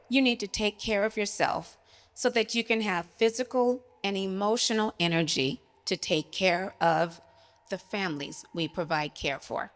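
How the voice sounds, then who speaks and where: A woman co-hosting a casual podcast, her voice sitting somewhat low. She speaks emphatically and firmly, with a light joking touch. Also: unhurried, fairly bright tone. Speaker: podcast co-host.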